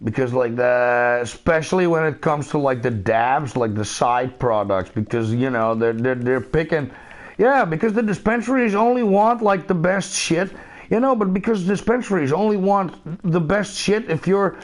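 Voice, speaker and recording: A man's voice: fairly high pitch, normal speed. A man from the Netherlands with a Dutch accent, chatting casually and profanely as a streamer. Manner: laid-back, profane, laughs often. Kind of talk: casual chat while gaming.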